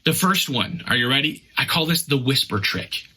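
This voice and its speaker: A man's voice: mid-range voice, lively intonation, normal speed, bright, forceful tone, husky, rough recording. A middle-aged man hosting a podcast, giving casual, chatty parenting advice in an upbeat way. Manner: upbeat, chatty, acts out scenes with whispers and cries. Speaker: podcast host.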